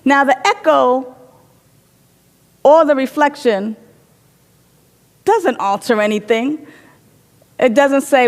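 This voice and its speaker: A woman's voice: high voice, slow, pauses often, big-room sound. A woman giving an inspirational sermon in a reflective manner, telling stories and repeating phrases for emphasis. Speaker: inspirational speaker.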